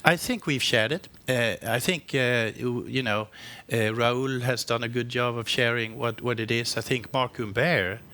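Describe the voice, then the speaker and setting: A man with a bright, forward voice at a middle pitch speaks as a company executive on an investor panel. He answers frankly, with frequent restarts, fillers and repeated words as he works through his points.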